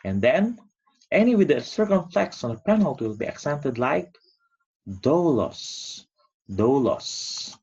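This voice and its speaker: A man's voice: fairly high pitch, very animated, moderate pace, creaky, a little mellow, slightly rough. A man teaching an online lesson, stretching out key words for emphasis. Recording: dull lo-fi recording.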